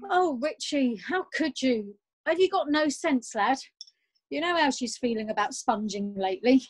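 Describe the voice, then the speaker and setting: A bossy, fussy mother, played by a woman, snapping out orders briskly and with exasperation. Her voice sits a little high. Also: animated, rough recording. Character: fussy middle-aged mother and host, bossy.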